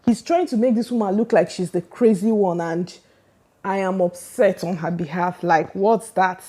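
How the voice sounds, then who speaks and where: A woman's voice: medium pitch, normal speed, mellow. A woman ranting emphatically about celebrity gossip, firing off rhetorical questions. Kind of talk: casual opinion rant.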